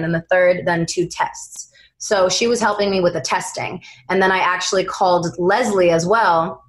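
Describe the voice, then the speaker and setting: A young woman, an actress guest in an interview, chatting casually and telling animated stories that act out what people said. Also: lowish voice, low-quality recording. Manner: animated storyteller, acts out quoted voices.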